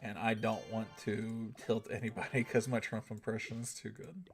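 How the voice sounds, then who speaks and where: A man's voice: fairly low pitch, level tone, normal speed, faint music behind. A man hosting a gaming livestream, chatting loosely with his viewers. He rambles, swears freely and keeps checking in with "right?". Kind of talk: casual chat with a live audience.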